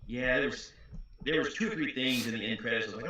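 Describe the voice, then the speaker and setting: A man in a casual podcast chat, laid-back and halting, dropping "dude" and "man" as he talks. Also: medium pitch, pushed and bright. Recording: roomy echo, faint noise.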